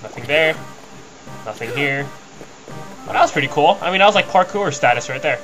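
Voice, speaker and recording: A man's voice: on the high side, lively intonation, a little fast, low-quality recording. A young man casually commenting on his gameplay as a let's play host, rambling and easygoing. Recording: game music behind the voice. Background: video game music.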